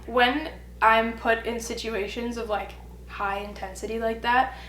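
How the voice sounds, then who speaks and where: A young woman with a fairly high voice tells a personal story to her camera, bringing the quoted lines to life. Her voice carries an echoey room sound with a faint hum behind it. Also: fairly even intonation, unhurried, a bit bright. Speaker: vlogger. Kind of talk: storytime vlog.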